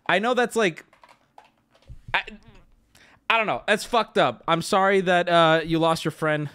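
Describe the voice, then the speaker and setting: A man streaming live, talking casually to his chat and swinging between loud outbursts and low mutters. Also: measured pace, pauses often, clear, resonant tone. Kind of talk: casual livestream talk.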